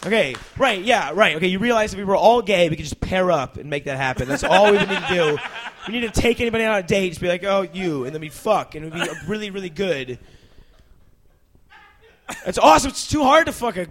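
A young man doing stand-up comedy, then chatting as a talk show guest, rambling and interrupting himself with animated bursts. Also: high-pitched, fast, slight background noise. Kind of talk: stand-up set then casual chat.

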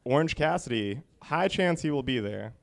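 Gravelly dude, comic guest, low-key mumbly chat. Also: male voice, lively intonation, moderate pace. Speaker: comedian guest. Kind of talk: casual chat.

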